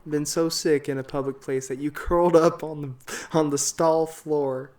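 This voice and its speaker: A man's voice: a little high, fairly even intonation, unhurried, darkish tone. A young adult man, a podcast guest in a casual chat, talking loosely, swearing and laughing often.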